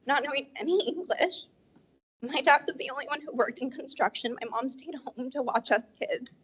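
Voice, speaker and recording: A young woman teacher speaks at a school board meeting. Her voice is high and rises and falls a lot. She sounds emotional, and her voice catches now and then. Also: fairly bright tone, rough recording. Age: 20s. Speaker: teacher giving public comment. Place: meeting hall.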